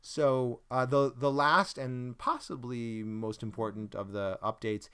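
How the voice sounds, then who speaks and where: A man's voice: mid-range voice, fairly even intonation, measured pace, fairly bright tone, smooth. A man hosting a casual chat, rambling and searching for words, with self-deprecating jokes. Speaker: podcast host.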